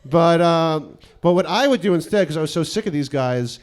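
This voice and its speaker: A man's voice: a little high, animated, moderate pace. A man in his thirties from New York City, a comedian telling a profane, self-mocking personal story and acting out the quotes.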